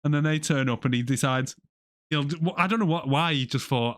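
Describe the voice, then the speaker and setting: A man co-hosting a podcast, chatting in giggly, sweary, animated banter about a film. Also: on the high side, fairly quick. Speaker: podcast co-host. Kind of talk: casual banter reviewing a film.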